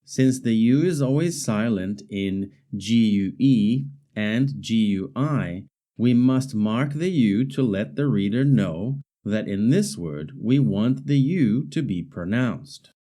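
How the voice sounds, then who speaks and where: A man reads a scripted language lesson at an unhurried, careful pace. His voice is warm and mellow, and his pitch moves a lot as he lays out each example. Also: expressive. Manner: slow, careful, deliberate explanation with spelled-out examples. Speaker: language teacher.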